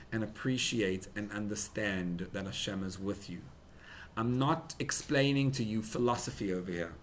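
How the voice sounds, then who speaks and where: A young rabbi preaching at a farbrengen, emotional, building to loud emphatic peaks and mixing in Hebrew and Yiddish words. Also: male voice, on the low side, a little hiss or hum. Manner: mixes in Hebrew and Yiddish terms. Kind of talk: sermon at a farbrengen gathering.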